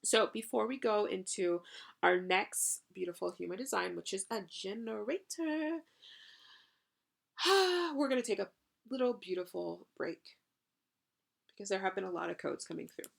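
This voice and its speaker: A woman's voice: mid-range voice, moderate pace, gravelly. A woman hosting a channeled spiritual podcast, talking effusively with casual swearing and lots of "you know" and "right?". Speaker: podcast host and spiritual coach.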